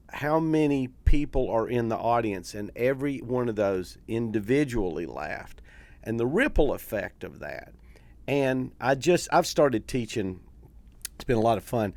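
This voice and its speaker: Reflective male host with lively pitch. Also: unhurried, dry recording. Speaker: interview host and comedy teacher. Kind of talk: casual interview chat.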